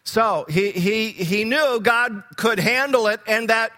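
A man's voice: sits high, takes it slowly, pushed and bright, big-room sound. A man preaching a sermon, earnest and repeating key words for emphasis, growing fervent when he quotes scripture.

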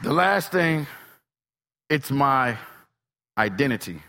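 A man preaching a sermon, swinging between soft, low asides and shouted, emphatic lines. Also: very animated, takes it slowly, in a large hall, a little hiss or hum.

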